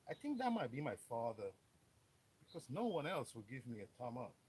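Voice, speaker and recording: A man's voice: medium pitch, sing-song, a little fast, darkish tone, slight background noise, rough recording. A man streaming live as a mechanic, explaining engine work bluntly with joking asides. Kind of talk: live how-to stream, casual chat. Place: auto workshop.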